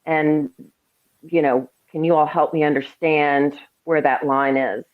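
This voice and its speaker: A woman in a casual group chat, asking a question carefully and hesitantly, with many pauses and fillers. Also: low voice, steady tone, phone-quality sound.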